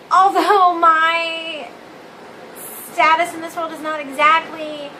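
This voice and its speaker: A woman's voice: extremely high pitch, bright, forceful tone, a little hiss or hum, rough recording. A young woman vlogging from her living room on a phone, ranting candidly with swearing and self-mockery. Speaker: vlog host. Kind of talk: casual opinion rant to camera.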